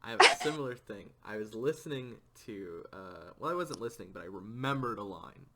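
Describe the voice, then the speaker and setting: A man hosting a casual interview, animated and excitable, laughing and joking with his guest. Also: on the low side, brisk. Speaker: interview host.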